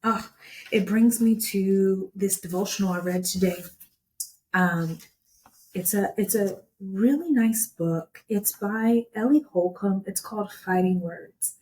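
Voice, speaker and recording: A woman's voice: medium pitch, slow pace, mellow, a little hiss or hum. Fervent woman host of a ministry show. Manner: fervent, preacherly encouragement. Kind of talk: encouraging ministry talk.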